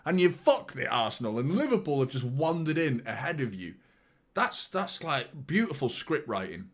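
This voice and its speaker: A young man hosting a live football watchalong, rambling and swearing as he reacts to the match and chats to viewers. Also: medium pitch. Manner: swearing, excitable, rambling with repeated words.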